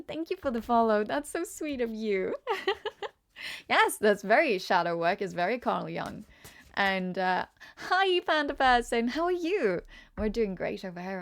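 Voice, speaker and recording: Norwegian-accented woman tarot reader, bit high, gravelly fry, chatty and giggly on a casual live stream. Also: expressive, normal speed. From Norway. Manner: chatty and giggly, answering chat comments.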